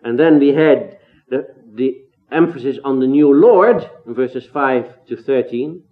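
A man's voice: medium pitch, unhurried. A man preaching an expository sermon, earnest and emphatic, with rhetorical questions and rising exclamations. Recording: tinny phone-like sound.

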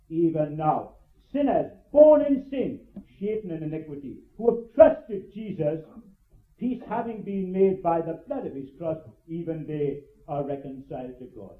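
An older man preaching a fervent evangelistic sermon, repeating phrases and swinging between urgent loud cries and hushed low asides. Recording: tinny, echoey old sermon tape.

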